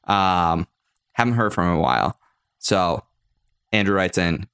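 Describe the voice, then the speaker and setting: A man's voice: sits low, expressive, moderate pace, gravelly, pauses often, a bit bright, smooth. A man hosting a casual podcast, reading listener mail aloud and laughing. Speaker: podcast host.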